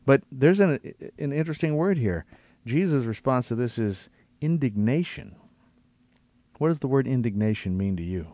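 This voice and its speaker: A man's voice: mid-range voice, expressive, normal speed, mellow, no room sound. A man reading scripture aloud and reflecting on it in a conversational Bible study. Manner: reads scripture aloud, then reflects thoughtfully.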